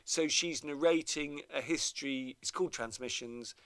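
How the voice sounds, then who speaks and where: A man's voice: a little high, normal speed, a bit bright, clear, resonant tone. A middle-aged man from Devon, telling a self-mocking anecdote in casual chat. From Devon, England.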